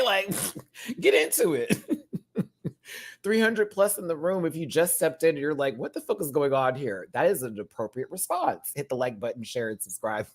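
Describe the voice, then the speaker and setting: A man with a mid-range voice hosts a live stream, offering casual, sassy and campy commentary on a reality competition show while talking directly to his viewers.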